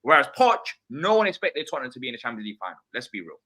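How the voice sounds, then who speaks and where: A man's voice: medium pitch, big pitch swings, racing, bright, forceful tone. A young man cutting into a football podcast debate, making his case with repeated phrases. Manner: interjecting, reasoning with repeated phrases. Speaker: football pundit.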